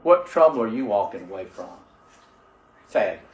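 A man's voice: lowish voice, lively intonation, normal speed. A man pastor preaching a sermon with call-and-response and fervent prayer, heard in a church. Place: church sanctuary. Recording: roomy church sound from a distant mic.

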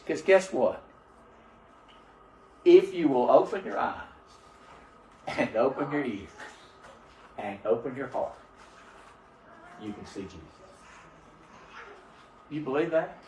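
A man's voice: mid-range voice, animated, slow, long pauses, a little mellow, slight background noise. A man pastor preaching a sermon with call-and-response and fervent prayer, heard in a church. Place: church sanctuary. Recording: roomy church sound from a distant mic.

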